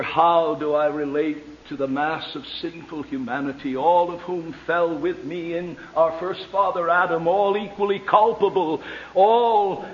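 A man preaching a sermon with passion, dropping to a hush and then rising to a ringing cry. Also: fairly high pitch. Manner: impassioned, swings from hushed to ringing. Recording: dull lo-fi sermon recording.

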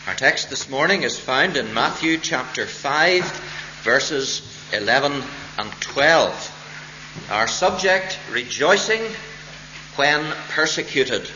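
A man preaching a sermon as pastor, expounding a text deliberately and stressing key words with emphatic rises. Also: medium pitch, bright, forceful tone, a little hiss or hum. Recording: roomy, dull lo-fi church recording.

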